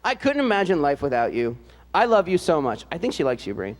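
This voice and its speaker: A man announcing at a ceremony and reading aloud, in a relaxed, joking way with frequent hesitant "uh" fillers. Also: fairly high pitch, a little fast, long reverb tail. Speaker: announcer introducing band seniors.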